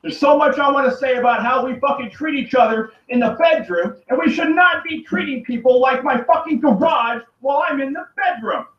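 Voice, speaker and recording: A lone man with a very high voice rants to camera fairly quickly and with few pauses, cursing nonstop, going over the same points and frequently shouting. The sound is dull, lo-fi and distant, recorded in an echoing room next to a running turtle tank with water audible.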